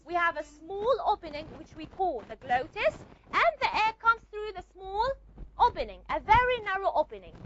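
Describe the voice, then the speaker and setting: A woman's voice: very high voice, very animated, normal speed, a bit bright, dull audio, slight background noise. A woman lecturing a class on phonetics, repeating her points and checking that students follow with frequent questions. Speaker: phonetics teacher.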